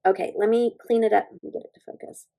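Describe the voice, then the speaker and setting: A woman's voice: mid-range voice, fairly even intonation, fast, vocal fry, dark tone, rough recording. A woman, chatting casually through a nail stamping tutorial and gushing to her viewers as she works. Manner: bubbly, gushing, talks to viewers as "you guys". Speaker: beauty vlogger.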